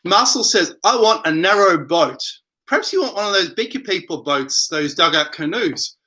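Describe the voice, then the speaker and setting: A man's voice: high-pitched, animated, moderate pace, bright, forceful tone. A man hosting a casual late-night livestream from home, reading viewer comments aloud and rambling in reply. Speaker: livestream host reading chat.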